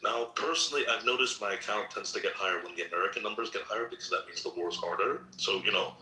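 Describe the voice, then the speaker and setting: Deep, fast-talking sardonic man. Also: echoey room, poor audio. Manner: sardonic, deadpan. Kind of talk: sarcastic mock commentary.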